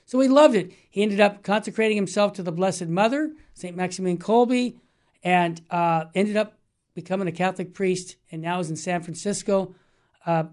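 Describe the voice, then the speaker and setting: A man in his sixties hosting a religious talk show, telling stories in an emphatic, rambling way. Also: high-pitched. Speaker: Catholic radio host. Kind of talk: casual talk show discussion.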